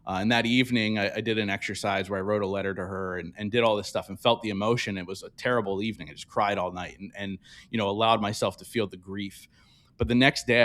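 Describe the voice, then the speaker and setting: A man's voice: lowish voice, fairly bright tone. A man talking as a podcast guest, reflective and earnest, speaking openly in a candid interview.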